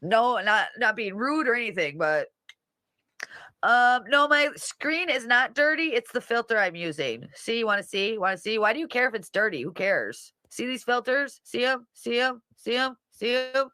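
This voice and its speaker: A woman's voice: a little high, lively intonation, normal speed, bright, forceful tone, dry recording. A woman hosting a casual livestream, reading comments and mocking people in a brash, profane way. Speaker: livestream host.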